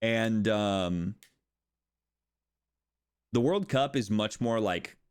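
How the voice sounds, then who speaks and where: A young American man streaming casual chat, rambling and animated, swearing and laughing often as he talks. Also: fairly low pitch, extremely slow, smooth. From United States.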